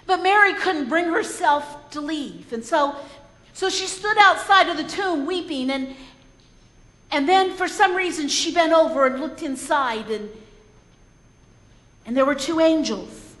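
High-voiced woman preaching in echoing hall. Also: expressive, measured pace, fairly bright tone. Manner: earnest, reflective, with frequent repeated words. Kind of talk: sermon storytelling. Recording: echoey hall.

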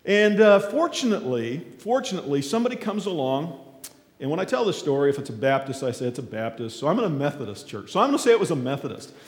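A man speaking as a guest at a church, telling a folksy story as a sermon. He talks haltingly with many fillers, then gets lively and shouts out the characters' cries. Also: medium pitch. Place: large echoing church hall. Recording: echoey hall with long reverb.

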